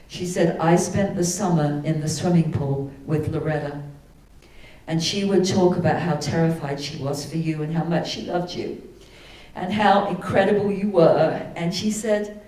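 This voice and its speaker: A woman giving a sermon, telling a personal story, then leading a slow, soothing guided meditation. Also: sits low, steady tone, a little mellow. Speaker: spiritual speaker. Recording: echoey hall from far off.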